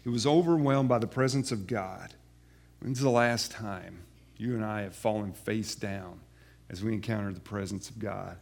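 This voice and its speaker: Earnest preacher man, soft asides. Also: fairly low pitch, normal speed, gravelly. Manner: rises loud on scripture, drops quiet and earnest for asides. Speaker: pastor. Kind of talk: sermon reading and explaining scripture.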